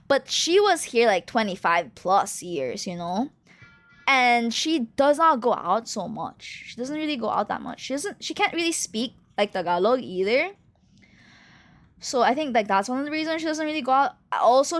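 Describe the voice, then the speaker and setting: Lively, high-voiced young woman streamer. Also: no echo. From China. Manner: animated, rambling, full of "like" and swearing. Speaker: VTuber streamer. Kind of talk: casual chat.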